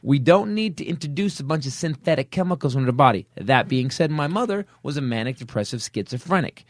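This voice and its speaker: A man's voice: mid-range voice, animated, quick pace, no room sound, clean studio sound. A middle-aged man hosting a podcast, ranting with comic energy and acting out other people's voices in his stories. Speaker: podcast host. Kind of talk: comedic rant.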